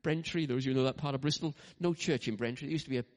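A man preaching a sermon as pastor, animated, acting out quoted lines, with frequent restarts and asides. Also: mid-range voice, rapid-fire.

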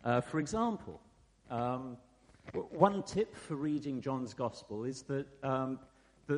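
A man preaching a sermon in a relaxed, conversational way, with fillers and asides to the congregation. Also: medium pitch, a little hiss or hum. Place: church hall. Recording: long hall reverb.

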